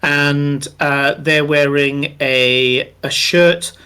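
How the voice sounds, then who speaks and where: A man's voice: on the high side, steady tone, sharp tone, smooth. A man narrating a tabletop game as game master, describing scenes at length with many ums and uhs. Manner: descriptive, unhurried, many fillers.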